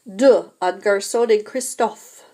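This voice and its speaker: A woman teacher walks beginners through a French lesson. She speaks at a deliberate, unhurried pace and sounds out each phrase clearly so students can repeat it. Her voice sits at a middle pitch. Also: dark tone. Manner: slow, careful modeling of French phrases. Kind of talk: classroom language lesson.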